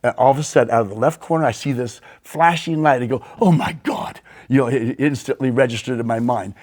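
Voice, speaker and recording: A man hosting a podcast, telling animated anecdotes in a casual storytelling style and throwing in sound effects. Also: medium pitch, quick pace. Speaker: podcast host.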